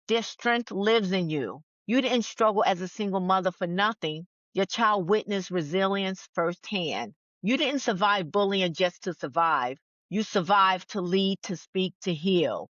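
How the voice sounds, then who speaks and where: A woman's voice: mid-range voice, a bit bright, no echo. A woman podcast guest who is a speaker and author. She reads a letter to her younger self earnestly, then chats candidly. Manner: earnest and affirming when reading, chatty and candid when talking. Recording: dull lo-fi audio.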